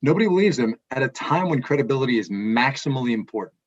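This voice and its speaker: A man's voice: fast talker, breathy edge. Emphatic male co-host, dull lo-fi sound. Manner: emphatic, animated, voice swings from loud to low. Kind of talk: casual news chat.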